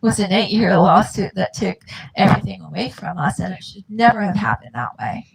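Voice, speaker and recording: Gravelly-voiced woman telling a personal story. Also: mid-range voice, animated, brisk, poor audio. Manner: earnest, repeats words, acts out dialogue. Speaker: guest.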